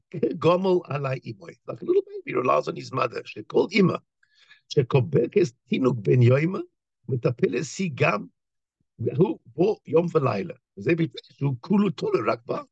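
A man giving a lively Torah talk, telling a story and acting out the voices of its people. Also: fairly high pitch, creaky, husky, no room sound, muffled recording. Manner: animated storyteller, acts out voices, many restarts. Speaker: rabbi.

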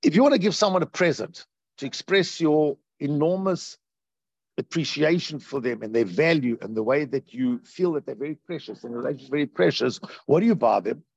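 A man teaching a Torah class as a rabbi, animated and repeating phrases for emphasis. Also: on the high side, fairly quick, gravelly, slightly rough, dry recording, muffled recording. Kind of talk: Torah class on Tisha B'Av.

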